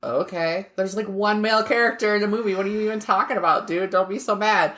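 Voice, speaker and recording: A woman's voice: medium pitch, fast, fairly bright tone. A middle-aged woman co-hosting a podcast in casual chat, talking loosely, trailing off mid-sentence and laughing often. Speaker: podcast co-host.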